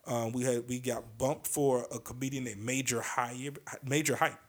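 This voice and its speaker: A man hosts his own podcast in a casual, rambling way, hesitating often and tossing off quick impressions of other comedians. His voice is mid-range with fairly even intonation.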